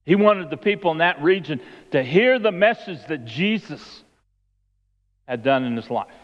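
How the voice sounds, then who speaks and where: Preacher in a reverberant church hall. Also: male voice, on the high side, expressive, moderate pace. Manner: storytelling, acting out the voices of the people in the story. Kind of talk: sermon. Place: church sanctuary. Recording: long hall reverb, dull lo-fi sound.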